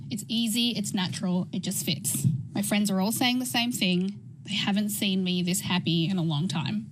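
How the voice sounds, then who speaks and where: Wry woman telling a love story, noisy voice note. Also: medium pitch. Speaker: listener sharing a love story. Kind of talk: read-out personal story.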